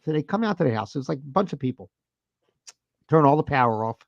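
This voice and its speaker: A man in his thirties, a podcast co-host, telling a story in a profane, animated, casual way. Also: on the high side, quick pace, vocal fry, dry recording, lo-fi sound.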